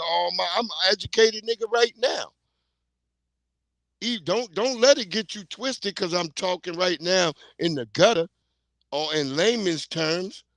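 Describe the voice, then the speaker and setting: Speaking high with a fairly bright tone, a middle-aged New Yorker hosts a livestream full of blunt, heated, profane ranting commentary. The recording is dry.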